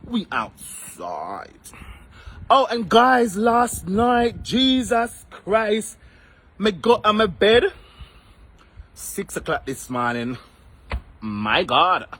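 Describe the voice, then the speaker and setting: A man's voice: sits high, expressive, slow pace, pauses often, a bit bright. A man with a Jamaican accent chatting on a live stream from outdoors, playful and theatrical, greeting viewers by name and repeating phrases in a sing-song way. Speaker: vlogger doing a live stream. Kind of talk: casual live-stream chat. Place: outdoors in the rain.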